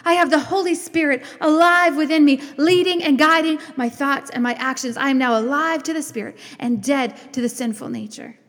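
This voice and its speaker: A woman delivers an impassioned sermon in a high, bright voice. She builds through rising declarations and slows into soft, earnest prayer. A long reverb trails her words around a large hall. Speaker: preacher.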